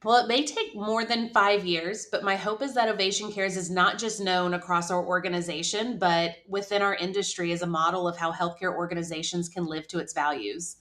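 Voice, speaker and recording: A woman with a somewhat low voice answers interview questions earnestly. She sounds reflective and measured, pausing now and then to choose her words. She speaks as a podcast guest who leads a charity program. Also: fairly even intonation, fairly bright tone. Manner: earnest and reflective, with thoughtful pauses.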